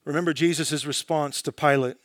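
Guy preaching a sermon, high voice, slow and dramatic, real dry sound. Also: steady tone, no echo.

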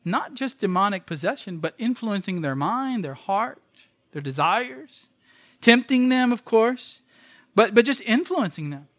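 A man's voice: high-pitched, sing-song, measured pace, a bit bright, no room sound. A man preaching a sermon as pastor, emphatic, repeating phrases and asking rhetorical questions.

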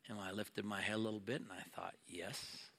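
Bright-voiced earnest male pastor. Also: lowish voice, flat delivery, fast talker. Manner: earnest, conversational preaching with acted-out quotes. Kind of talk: sermon.

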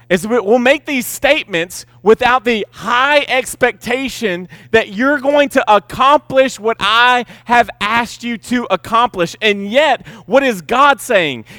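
Male pastor, high-pitched, emphatic sermon delivery, dry recording. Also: bright, forceful tone, dry recording. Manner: emphatic, repeats key words, slows to stress points.

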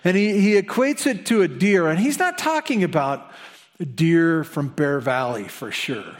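A man preaching a sermon as pastor, animated and conversational, with humorous asides. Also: on the high side, measured pace.

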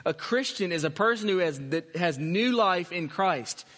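A man's voice: high voice, animated, moderate pace, fairly bright tone. A man preaching a sermon as pastor, earnest and emphatic, repeating his key phrases. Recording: long hall reverb.

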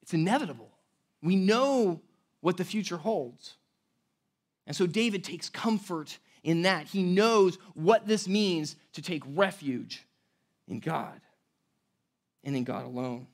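A man's voice: sits high, lively intonation, slow, pauses often. A man pastor giving a conversational sermon, with chuckling asides and frequent restarts. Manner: conversational, laughing asides, repeats words.

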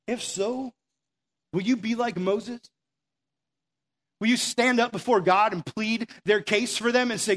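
A man preaching a sermon in an earnest, conversational way, acting out quoted prayers as he goes. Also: high voice. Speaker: pastor.

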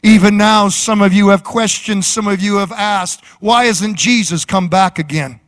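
A man's voice: high voice, moderate pace, a bit bright. A man preaching a sermon as pastor, fervent and rhythmic, with repeated phrases.

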